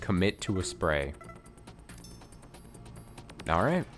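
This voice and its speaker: A man's voice: low-pitched, big pitch swings, slow, faint music behind. A man streaming a game live, commenting to himself in an exasperated way and swearing as he plays.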